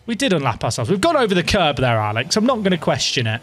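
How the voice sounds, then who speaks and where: Excitable man streaming a game. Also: a little high, fast talker. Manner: excitable, dramatic, self-mocking chatter to viewers. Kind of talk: live gameplay commentary.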